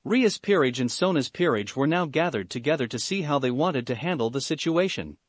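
A man reading fan fiction aloud in an animated, slightly stumbling way. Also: a little high, a little fast, dry recording. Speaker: story reader.

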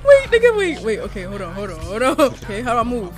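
A young woman streaming a game live, loud and excitable, laughing often and swearing freely. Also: medium pitch, fast, over music. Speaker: Twitch gaming streamer.

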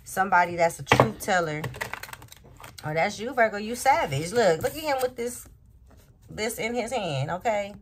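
A woman's voice: mid-range voice, animated, normal speed, noisy background. A woman giving a casual tarot reading, rambling and asking "okay?" again and again. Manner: rambling, repeats "okay?" often. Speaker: tarot reader.

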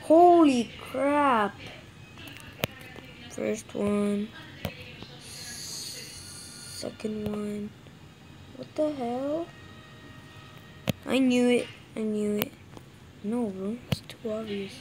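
A woman casually commenting on her own gameplay, excitable, swearing and yelling when frustrated. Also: mid-range voice, extremely slow, pauses often, noisy background. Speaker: gamer narrating own play.

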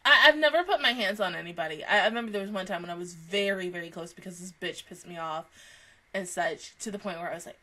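Bright-voiced young woman reacting to anime. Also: fairly high pitch, brisk. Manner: animated, profane, rambling with many fillers. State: tired from little sleep. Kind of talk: casual anime reaction commentary.

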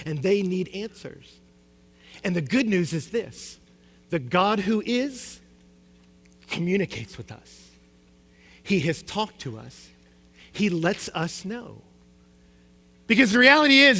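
A young pastor delivers a sermon in a very high, bright voice, swinging between emphatic rising questions and low, quiet statements. A long reverb from a large hall carries his words.

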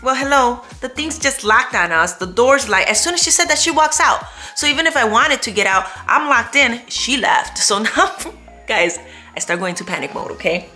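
A woman at home telling a story to her viewers in an animated, expressive way, laughing often. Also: on the high side, normal speed, soft background music. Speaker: vlogger. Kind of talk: storytime chat to camera.

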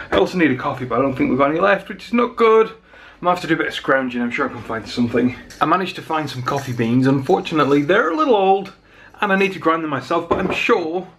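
A man narrating his day in a casual vlog, chatty and quick to rant when annoyed. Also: fairly high pitch, slight background noise. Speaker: vlogger.

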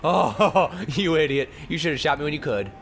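A man's voice: fairly high pitch, animated, fast, a bit bright, slight background noise. A young man giving goofy, rambling gameplay commentary, joking at his own expense and breaking into mock screams. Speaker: let's play commentator.

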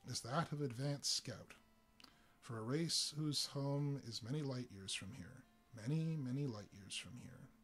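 A man voicing a weary giant alien scout who speaks formally, slowly and without feeling. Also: mid-range voice, soft background music, close to an everyday voice. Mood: grave. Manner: slow, quiet, formal and dispassionate.

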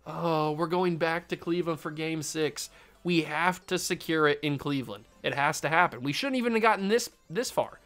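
A young man giving casual commentary while playing a baseball video game, excitable and repeating himself as he swings between groaning and cheering. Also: on the high side, normal speed. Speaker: gaming YouTuber. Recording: game music underneath.

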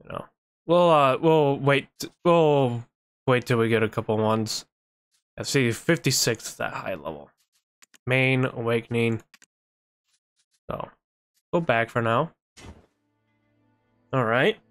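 A man's voice: mid-range voice, animated, takes it slowly, pauses often, smooth, soft background music. Rambling man streaming a game. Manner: rambling, thinking aloud. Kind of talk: casual live-stream chat while gaming.

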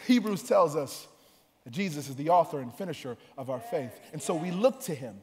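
A man preaching a sermon, swinging between soft, low passages and loud, sing-song climaxes. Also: expressive, fairly quick, big-room sound. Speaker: pastor.

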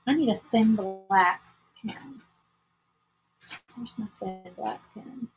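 A woman's voice: medium pitch, slow, faint music behind, poor audio. A woman hosting a casual crafting livestream, chatting to viewers while she paints. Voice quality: very husky.

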